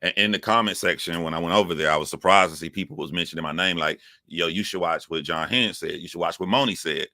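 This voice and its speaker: A man's voice: low voice, fast talker, hardly any pauses, bright, forceful tone, no echo, studio quality. A man hosting his own livestream, talking casually and rambling with frequent restarts into his phone. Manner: rambling, self-correcting, chatty. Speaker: YouTube livestream host.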